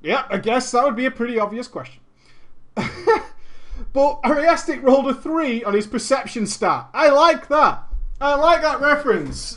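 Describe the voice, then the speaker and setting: Give me an animated man casually reading a story aloud, breaking off for profane jokes. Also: very high voice, moderate pace. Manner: crude, swearing, laughing asides. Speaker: streamer reading a viewer's story.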